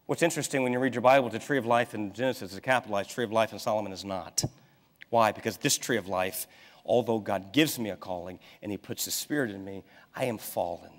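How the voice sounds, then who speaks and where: A man in his thirties preaching a sermon, telling a family story in a lively way and acting out the people in it. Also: fairly low pitch, fast talker. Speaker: pastor. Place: church sanctuary. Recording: long hall reverb in a church.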